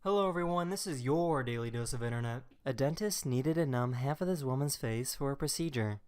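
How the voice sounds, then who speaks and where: A man's voice: mid-range voice, a little fast, clear, resonant tone, soft background music. Man narrating a clip compilation. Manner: even, matter-of-fact captioning. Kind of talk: scripted narration.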